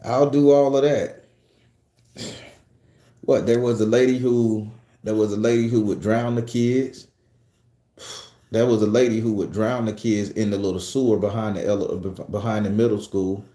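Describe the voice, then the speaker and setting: A man chats on a livestream from a room at home, swearing freely and joking as he reads out viewer comments. His voice is mellow and warm, and the room adds a noticeable echo. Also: on the low side, steady tone, normal speed, long pauses. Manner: loose, profane, joking storytelling. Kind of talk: casual livestream chat.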